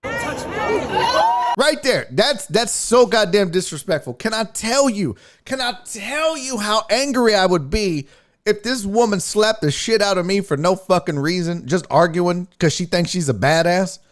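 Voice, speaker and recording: Brief: male sports host, high lively voice, chatty and profane, breaking down a clip. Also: unhurried. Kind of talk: casual video breakdown commentary.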